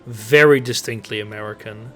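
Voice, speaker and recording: A man's voice: fairly low pitch, moderate pace, fairly bright tone, faint music behind. A man with a Dutch accent, a native Dutch speaker, chatting casually on a live stream in rambling talk full of fillers and restarts. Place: home streaming setup.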